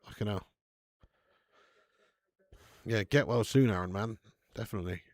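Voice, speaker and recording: A man's voice: lowish voice, moderate pace, darkish tone, no echo. Male streamer, casual and chatty, laughs easily, swears, dry close sound. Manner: reads out viewer messages. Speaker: host of a live football watch-along. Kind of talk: casual live stream chat.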